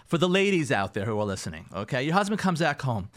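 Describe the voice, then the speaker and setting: A man, a rabbi hosting a radio show, talks through marriage advice in an animated way, often repeating himself and acting out what spouses say. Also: mid-range voice, fast talker.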